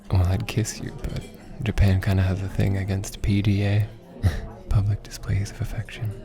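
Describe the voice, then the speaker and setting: A young man in a whispered role-play as a teasing, affectionate boyfriend teaching Japanese, talking softly with frequent laughs. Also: fairly low pitch, monotone, measured pace. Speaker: ASMR roleplay creator. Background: background music.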